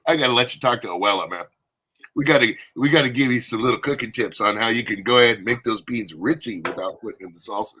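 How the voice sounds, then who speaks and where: A man's voice: medium pitch, fast, bright, forceful tone, slight background noise. A man in his thirties joking and teasing his friends in casual banter. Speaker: friend on the show.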